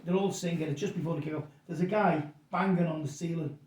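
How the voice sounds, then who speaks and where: A middle-aged man rambles through stories and stumbles over repeated words. His voice sits a little high. He sounds set back from the mic in a roomy, echoing space. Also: fairly even intonation, fast talker, darkish tone, recorded from a distance. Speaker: pub landlord guest. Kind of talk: casual storytelling interview.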